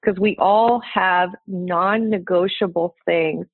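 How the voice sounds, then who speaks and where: A woman's voice: lowish voice, slow pace, husky, dry recording. Woman coach giving earnest dating advice, tinny phone-ish sound, dry. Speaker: dating coach, podcast guest. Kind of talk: conversational interview.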